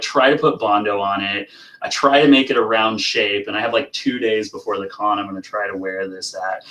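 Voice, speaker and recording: A man's voice: lowish voice, pushed and bright, low-quality recording. A man, a guest prop maker, telling a self-deprecating story in casual chat. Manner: laughing, self-deprecating anecdote.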